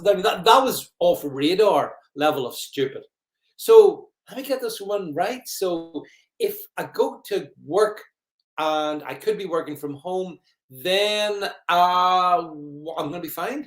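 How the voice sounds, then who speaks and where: A man's voice: high-pitched, roomy sound. Sarcastic male livestream host. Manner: rambling, mocking, greets viewers. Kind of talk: sarcastic live commentary.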